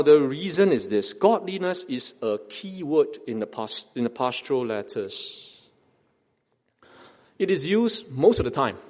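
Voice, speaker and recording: A man delivers a sermon, his fairly high voice rising and falling with lively emphasis. He poses rhetorical questions and circles back on his phrases. The sound is a little muffled, with a long hall reverb behind it. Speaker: pastor.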